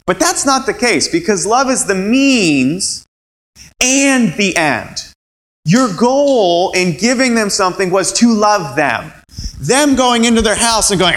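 A male pastor preaches with a lively, swooping delivery, slipping into quoted voices as he goes. His voice sits a little high and sounds bright and forceful. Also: slow, poor audio. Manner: animated, acts out quoted voices. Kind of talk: sermon.

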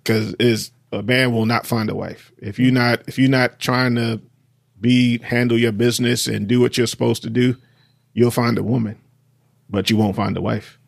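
A man's voice: medium pitch, flat delivery, normal speed, gravelly, dry recording, studio quality. A man co-hosting a faith podcast, talking earnestly and quoting scripture like a preacher. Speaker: podcast co-host. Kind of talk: faith-based podcast talk.

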